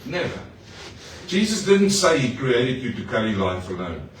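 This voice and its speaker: A pastor preaching to his congregation, lively and personal, with playful asides and questions to the room. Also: mid-range voice, moderate pace, a little hiss or hum. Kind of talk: sermon. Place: church hall. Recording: echoey hall, mic far off.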